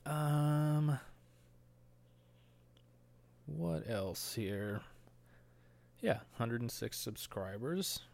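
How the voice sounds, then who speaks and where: A man's voice: lowish voice, animated, slow, vocal fry. A young man hosting a solo podcast, rambling crude and profane, nervous and a bit short of breath, laughing at his own jokes. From United States. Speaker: podcast host. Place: indoors, talking alone into a mic.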